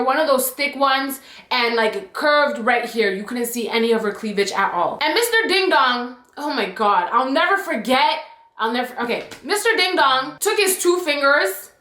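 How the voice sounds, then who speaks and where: Animated young woman with a bright voice. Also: on the high side, roomy sound. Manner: animated, emphatic, lots of "like" and "okay?". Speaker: YouTube storyteller. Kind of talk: storytime vlog.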